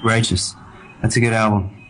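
Hesitant caller from Ohio, low-voiced man. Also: steady tone, moderate pace, fairly bright tone, slight background noise, low-quality recording. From Cleveland, Ohio. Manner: polite, hesitant with many ums. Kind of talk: casual phone-in chat.

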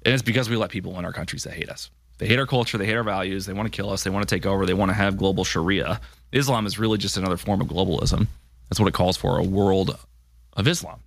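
A man's voice: low voice, steady tone, fast, creaky, dry recording. A man hosting a political podcast, delivering an emphatic commentary monologue full of rhetorical questions. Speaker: podcast host.

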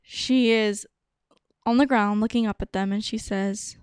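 A young adult woman hosting a podcast, telling stories in a chatty, excitable way with lots of fillers. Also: medium pitch, a little slow, clear, resonant tone, no echo, studio quality. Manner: chatty, many "like"s, bubbly and excitable. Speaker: podcast host. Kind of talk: casual storytelling monologue.

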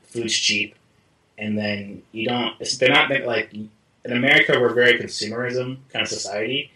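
A man's voice: mid-range voice, moderate pace, husky. A young man chatting casually, telling a story about working abroad, acting out the dialogue and swearing freely. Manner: animated, swearing, acts out quoted dialogue. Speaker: artist recalling working abroad.

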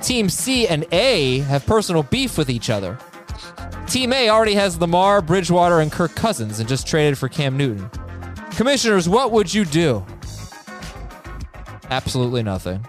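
A man hosts a chatty podcast, reading listener emails aloud. His voice sits a bit high and swings widely in pitch. He jokes and laughs as he reads, with soft music playing underneath. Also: moderate pace. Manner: animated, joking, laughs while reading. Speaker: podcast host.

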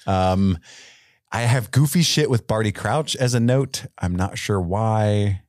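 A podcast co-host chats casually about a movie, joking, laughing a lot and slipping into goofy voices. His voice is fairly low and a little mellow, and he speaks at a slow pace. The sound is clean studio audio with no room sound.

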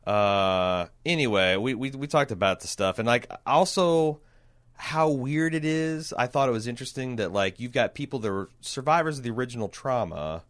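This podcast co-host speaks at a medium pitch and a moderate pace. His casual chat is rambling, packed with fillers, and he often restarts his sentences.

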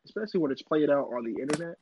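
A young man in casual chat, joking and mimicking apps and people with sudden high squeals. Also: animated, racing, highs cut off, a little hiss or hum. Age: young adult.

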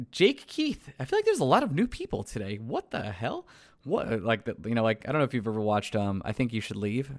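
A tired man, hosting a podcast outro, rambling and poking fun at himself as he trips over names. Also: medium pitch. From New York. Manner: rambling, self-mocking, stumbling over names. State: tired late at night. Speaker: podcast host.

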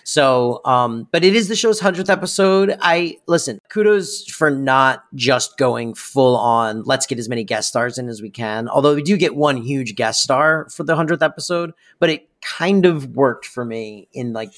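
A man's voice: medium pitch, normal speed, hardly any pauses, a bit bright. Rambling man co-hosting a podcast. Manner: rambling, self-correcting, enthusiastic. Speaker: podcast co-host. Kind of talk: casual chat reviewing a sitcom episode.

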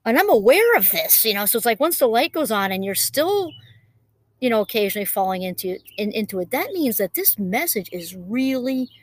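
A woman's voice: a little high, very animated, brisk. A woman in her fifties talking through a casual, reflective solo monologue, rambling with frequent fillers and restarts. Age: 50s. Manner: rambling, full of "you know" and restarts.

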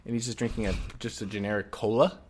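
A man's voice: lowish voice, steady tone, quick pace, a little mellow. A young man co-hosting a comedy podcast, rambling through improvised bits with lots of laughing and swearing. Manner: rambling, laughing, swearing, jumps into silly voices. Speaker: podcast co-host.

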